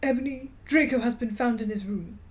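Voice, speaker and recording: A woman reading the lines of an old male headmaster wizard who delivers grave news slowly and solemnly. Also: a little high, close to an everyday voice.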